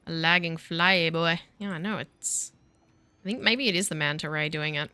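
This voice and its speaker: A woman's voice: sits low, normal speed, bright, forceful tone, clear, resonant tone, dry recording. A woman in her thirties chatting casually and with self-mocking sarcasm while streaming a game. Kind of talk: casual live-stream chat while gaming.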